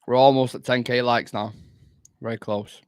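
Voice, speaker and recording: Close on the mic, almost eating into it, a young Mancunian fan channel host banters and swears with his chat during a casual football watchalong. His voice is medium-pitched, steady and normally paced, with a darkish, clear and resonant tone.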